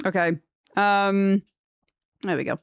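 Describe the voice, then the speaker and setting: A woman's voice: mid-range voice, slow pace, clean tone, no echo. Chatty woman streamer, dry close sound. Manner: chatty and rambling, gushing when excited. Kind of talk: casual live-stream chat.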